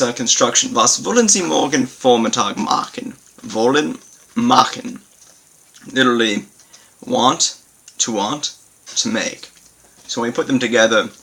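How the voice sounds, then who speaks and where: A man teaching a language lesson on video, halting with many fillers and repeating example sentences slowly. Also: medium pitch, creaky, pushed and bright, slightly rough, low-quality recording. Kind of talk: informal recorded lesson.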